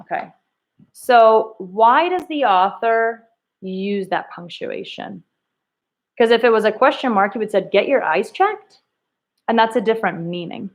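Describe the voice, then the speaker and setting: A woman teaching a recorded reading lesson to children, asking slow, emphatic questions and acting out the quoted lines. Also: fairly high pitch, animated.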